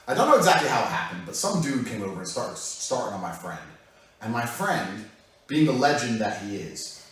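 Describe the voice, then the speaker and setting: A man telling a profane, animated story. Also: medium pitch, brisk. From England. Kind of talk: casual anecdote. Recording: very echoey room, mic far off.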